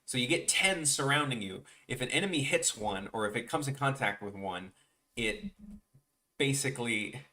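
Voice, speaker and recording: A man's voice: medium pitch, expressive, normal speed, bright, forceful tone. A young man with a Chicago accent chatting casually with viewers on a drawing livestream, rambling with lots of restarts. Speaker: art streamer.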